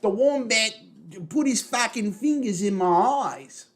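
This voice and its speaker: A man voicing a brash, crude male fighter in a put-on Australian accent, raising his voice well above his normal pitch. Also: expressive, measured pace. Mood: boisterous. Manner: loud, swaggering, foul-mouthed.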